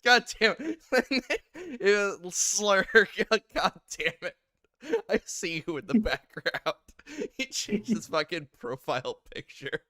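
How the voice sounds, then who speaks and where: A man hosting a podcast in an animated, laughing casual chat. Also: high-pitched, slow pace, no echo, studio quality. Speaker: podcast host.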